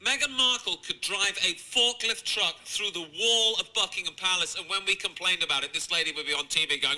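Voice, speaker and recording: A British man with a high, very bright, forceful voice rants in a sarcastic, sweary commentary. He mocks what he is reacting to, with heavy scorn. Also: fairly quick, few pauses, rough recording. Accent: British English. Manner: sarcastic, profane, mocking. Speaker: comedian. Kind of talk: ranting commentary over video clips.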